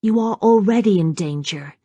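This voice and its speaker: A woman voicing a determined young gentlewoman who speaks earnestly and forcefully. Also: mid-range voice, moderate pace, breathy edge, no echo, highs cut off, voice pushed up, lightly acted.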